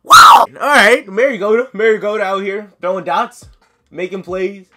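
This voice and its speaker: A man giving excitable live gameplay commentary, yelling, chanting cheers and talking himself through nervous moments. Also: sits high, a little fast, soft background music. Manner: yells and chants, sings cheers, flustered self-talk. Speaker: gaming commentator.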